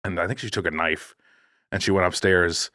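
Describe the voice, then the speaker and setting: Male podcast co-host, deep voice, dry close sound, rambling jokey storyteller. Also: fairly even intonation, moderate pace, sharp tone, no echo. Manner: rambling, self-correcting, jokey. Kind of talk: casual storytelling. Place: podcast studio.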